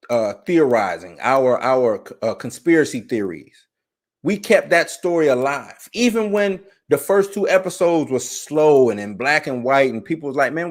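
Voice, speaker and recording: A young adult man hosting a live online show, talking in a relaxed, animated way and often asking "you know what I'm saying?". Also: on the high side. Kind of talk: casual live-stream commentary.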